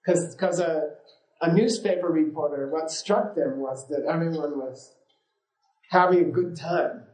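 A man with a slightly high voice teaches a class in a loose, rambling way, full of fillers, side stories and easy laughter. His voice carries a noticeable room echo, as if he is speaking in a roomy indoor space. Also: unhurried, darkish tone. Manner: rambling and informal, many fillers, laughs easily. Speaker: yoga and meditation teacher. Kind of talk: casual teaching talk with anecdotes.

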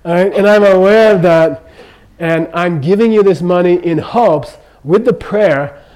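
A man's voice: sits high, a little slow, darkish tone, rough recording. Older man teaching casually, often asking "okay?". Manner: chatty, joking, checks in with "okay?" constantly. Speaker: Buddhist teacher. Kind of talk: informal dharma teaching. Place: teaching room in Kathmandu.

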